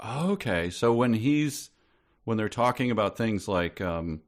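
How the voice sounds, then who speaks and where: Give me a man with a fairly low voice co-hosting a podcast, rambling along in casual chat. He keeps asking questions as he goes. His tone stays loose and quizzical. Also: lively intonation, a little slow. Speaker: podcast co-host. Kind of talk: casual book-discussion chat.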